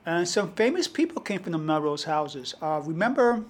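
A man from the Bronx with a New York accent, a guest poet telling stories in an unhurried, reflective way during an interview. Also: a little high, sing-song. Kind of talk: conversational interview storytelling.

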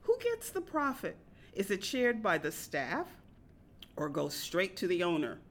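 A woman reading a personal story aloud in a wry, deadpan manner. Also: mid-range voice, measured pace.

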